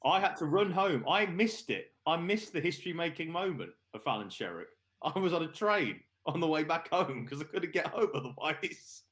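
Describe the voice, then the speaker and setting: A man's voice: a little high, sing-song, normal speed, fairly bright tone. Chatty man hosting a darts stream. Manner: chatty, laughing, reads viewer questions aloud. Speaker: host of a live online darts stream. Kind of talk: casual live stream chat.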